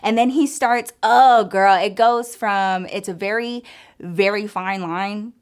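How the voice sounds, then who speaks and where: Young woman doing a storytime vlog, lively, cursing a lot, does voices for people. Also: medium pitch, slow pace, clean tone. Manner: animated, swearing, acts out voices in quotes.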